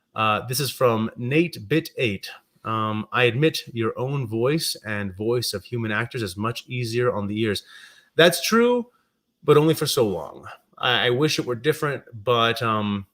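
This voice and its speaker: A man's voice: on the low side, fairly bright tone. A man chatting casually on a livestream, reading viewer comments and rambling through his thoughts with frequent ums and self-corrections. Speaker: streamer and fan fiction writer.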